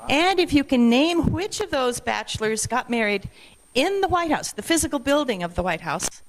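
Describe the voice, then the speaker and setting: A woman at a club meeting, briskly and playfully announcing a trivia game to the room. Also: sits high, very animated, low-quality recording. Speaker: club member leading trivia.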